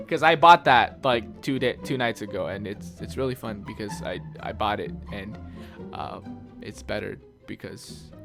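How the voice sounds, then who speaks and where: A man's voice: on the low side, normal speed, gravelly, music in the background. A man telling a personal story in a casual, exasperated rant full of swearing. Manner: exasperated, profane ranting.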